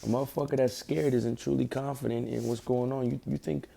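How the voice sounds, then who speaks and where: A man's voice: mid-range voice, flat delivery, a little fast, vocal fry, dark tone. A young man giving a casual, profane religious lesson, telling a personal story in street slang. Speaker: online preacher.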